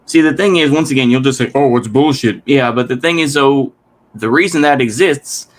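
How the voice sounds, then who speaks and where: A man's voice: medium pitch, normal speed. A man hosting a casual reaction commentary, rambling with restarts and swearing in exasperation. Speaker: commentary host.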